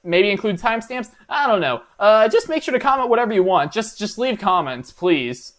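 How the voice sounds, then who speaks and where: This young college guy hosting a reaction video speaks in a high, sing-song voice that's fairly quick and a bit bright. His comedic commentary wanders, packed with fillers and false starts, delivered mock-earnestly and with self-deprecating humor.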